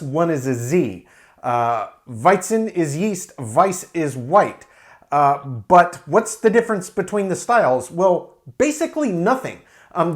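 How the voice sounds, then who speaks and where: A man reviewing a beer to camera in a relaxed, explanatory way, with frequent fillers. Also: a little high.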